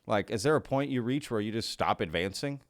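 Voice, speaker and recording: A man's voice: fairly low pitch, expressive, brisk, no room sound, clean studio sound. A man hosting a commentary video, musing aloud with many questions and restarts, laughing now and then. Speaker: commentary host. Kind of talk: casual reaction commentary.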